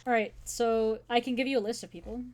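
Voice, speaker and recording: A woman's voice: a little high, fairly even intonation, quick pace, a little mellow. A woman running a tabletop one-shot as game master, rambling with joking asides.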